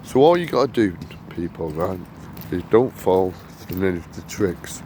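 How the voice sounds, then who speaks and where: A man's voice: deep voice, expressive, normal speed. Rambling man on a noisy street. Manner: repetitive, emphatic, digressive. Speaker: vlogger. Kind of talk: rambling to-camera monologue. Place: outdoors on a busy street. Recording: street traffic noise. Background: loud traffic.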